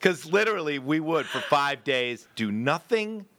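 A man in casual chat, telling family stories in a loose, profane, animated way and acting out what people said. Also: fairly high pitch, a little slow.

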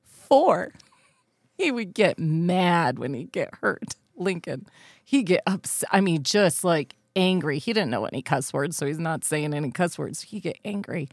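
A woman's voice: on the low side, expressive, unhurried, no room sound, studio quality. A woman in her thirties co-hosting a faith podcast, chatting casually and telling family stories with frequent laughter. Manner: chatty storyteller, laughs often. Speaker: podcast co-host. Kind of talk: casual chat.

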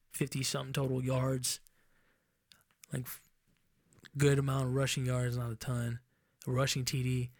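Clean studio sound with no room noise carries the medium-pitched voice of a young man hosting a laid-back sports podcast in Enumclaw, Washington. He rambles profanely through the standings, correcting himself as he talks.

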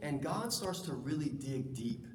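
A man preaching a sermon in a church, lively and conversational, acting out stories. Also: medium pitch, measured pace, a little hiss or hum. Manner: lively, conversational, acts out anecdotes. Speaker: pastor. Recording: echoey hall, distant mic, faint ambience.

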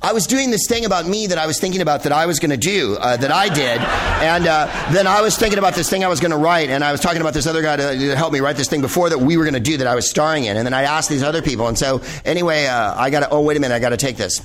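A man's voice: fairly high pitch, racing, hardly any pauses, noisy background, close to an everyday voice. A man doing a rambling self-absorbed Californian. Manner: breathless self-centered rambling.

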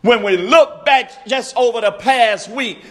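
A man preaching a sermon, slow and emphatic, repeating his refrains and rising to shouts. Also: extremely high pitch.

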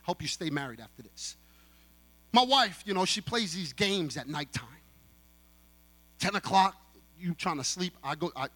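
A male guest pastor preaching to a youth convention, animated, acting out dialogue and talking straight to the crowd. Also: high-pitched, normal speed, long pauses. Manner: animated, acts out dialogue, talks straight to the audience. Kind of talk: sermon.

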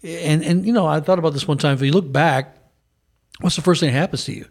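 A man's voice: a little high, fast talker, creaky, slightly rough. A man in his fifties co-hosting a faith talk show, telling self-deprecating childhood stories and quoting scripture. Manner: self-deprecating, chuckling storyteller. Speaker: co-host of a Christian talk show. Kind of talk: casual storytelling and scripture commentary.

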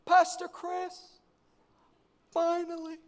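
A man voicing an eager, persistent young woman from a church congregation, gushing with excitement. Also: extremely high pitch, takes it slowly, pitched above the performer's own voice.

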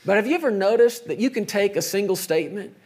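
High-voiced man preaching conversationally. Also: animated, fast talker. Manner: conversational preaching, drops to soft emphatic tones. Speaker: pastor. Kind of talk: sermon.

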